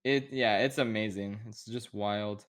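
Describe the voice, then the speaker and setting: A young man co-hosting a podcast, chatting casually about movies in an animated, incredulous way with frequent laughs. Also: fairly low pitch, a little slow. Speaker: podcast co-host. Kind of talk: casual movie review chat.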